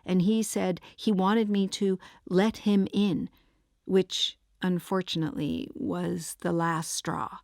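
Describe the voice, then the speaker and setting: A woman's voice: fairly low pitch, steady tone, slow, gravelly, a little mellow, no room sound, clean studio sound. Wry woman audiobook narrator. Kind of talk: first-person audiobook narration.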